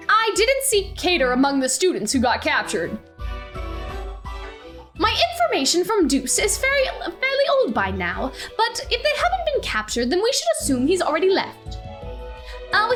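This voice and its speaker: A woman's voice: very high voice, fairly bright tone. A young woman streaming a game, reading the dialogue aloud and breaking into gushing, laughing fan reactions. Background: faint game music.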